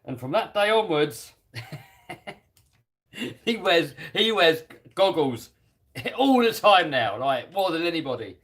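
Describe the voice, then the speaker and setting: While fixing up a radio-controlled car on a live stream, a British man reads viewer messages out loud and chuckles easily. His voice is on the high side, a bit bright and very animated, but slow-paced with long pauses.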